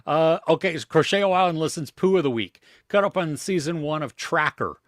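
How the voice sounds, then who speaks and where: A man co-hosting a live movie chat, blunt and animated when he dislikes a film. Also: on the high side, normal speed, no room sound, clean studio sound. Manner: blunt, animated when ranting about films. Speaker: movie podcast co-host.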